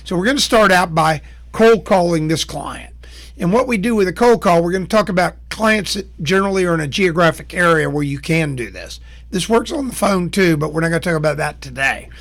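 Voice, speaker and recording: This instructional talk to camera features a sales trainer with a high, expressive, somewhat bright voice, speaking a little fast. He lays out steps in a folksy, plain-spoken manner and acts out short exchanges.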